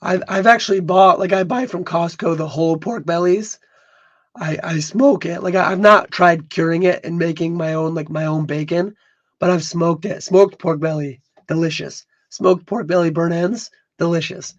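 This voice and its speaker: Hoarse man, halting livestream chat. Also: on the high side, fairly even intonation, muffled recording. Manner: halting, repeats words. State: hoarse, losing his voice. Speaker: podcast co-host.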